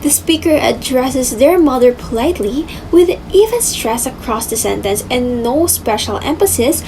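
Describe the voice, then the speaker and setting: A young woman student presenting to her class with a slow, careful explanation. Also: sits high, animated, noisy background.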